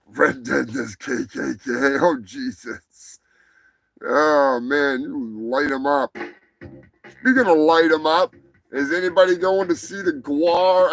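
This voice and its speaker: A man's voice: fairly high pitch, slow pace, dry recording, poor audio. A man hosting a live stream, rambling and crude in a comedic chat. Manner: rambling, crude, mock-shouting.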